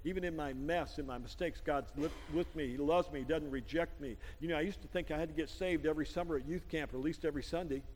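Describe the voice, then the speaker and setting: Guy pastor preaching, high voice, church echo, a little guitar behind him. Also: fast talker, hardly any pauses, slight background noise. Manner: storytelling with laughs, rising to loud prayer. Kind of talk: sermon. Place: church sanctuary.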